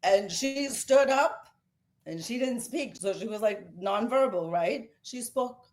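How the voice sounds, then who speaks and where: Middle-aged New York woman, guest author, emotional and animated storyteller. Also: a little high, slow pace. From Brooklyn, New York. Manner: animated, emotional storyteller, voice rising as she tells it. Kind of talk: casual storytelling interview.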